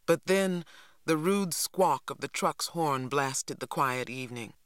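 A narrator reading a novel aloud in a measured, steady storytelling manner. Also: medium pitch, smooth, dry recording, clean studio sound. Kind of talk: audiobook narration.

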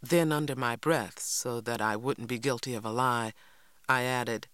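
A man reading a first-person story aloud with steady, expressive narration. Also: mid-range voice, a little slow, no room sound. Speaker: audiobook narrator.

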